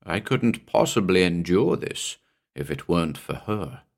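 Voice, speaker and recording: A man voicing a troubled, brooding man confined to an asylum, speaking in a slow, gentle, strained way. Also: deep voice, expressive.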